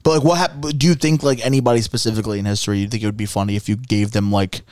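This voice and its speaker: A male comedian and podcast guest, excitable and laughing often, chatting casually in a home garage. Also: fairly low pitch, racing, no room sound, studio quality. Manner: laughs often, excitable, says "dude" a lot.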